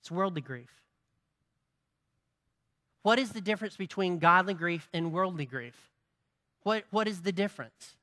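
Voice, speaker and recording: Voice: medium pitch, normal speed, sharp tone. A pastor preaching a sermon to a congregation, asking rhetorical questions and building to emphatic, repeated lines. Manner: preaching with rising emphatic passages and repetition.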